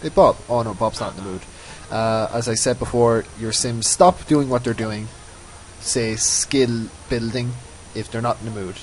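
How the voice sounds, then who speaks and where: A man's voice: mid-range voice, normal speed, slight background noise, poor audio. A man giving casual, rambling commentary over his own gameplay, often mocking himself. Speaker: let's play host.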